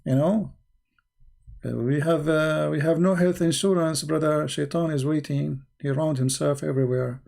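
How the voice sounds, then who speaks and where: Sarcastic man with dark voice. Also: on the high side, fairly even intonation, moderate pace, creaky. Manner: sarcastic, non-native grammar, shifts between loud and quiet. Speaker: online commentator. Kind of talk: mocking commentary.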